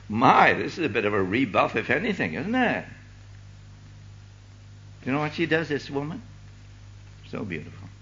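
An older man preaching a sermon with fervent delivery, swinging from loud declaiming to hushed asides. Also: medium pitch, big pitch swings, moderate pace, long pauses, lo-fi sound.

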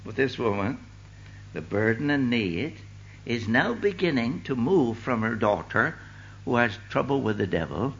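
An older man preaching a sermon with fervent delivery, swinging from loud declaiming to hushed asides. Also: medium pitch, very animated, unhurried, creaky, dull audio.

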